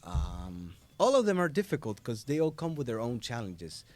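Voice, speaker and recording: A man, a voice actor, chatting as a guest on a podcast in a studio, a little congested, talking in an animated way and slipping into quoted voices. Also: mid-range voice, normal speed. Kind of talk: casual interview chat. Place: podcast studio in a hobby shop.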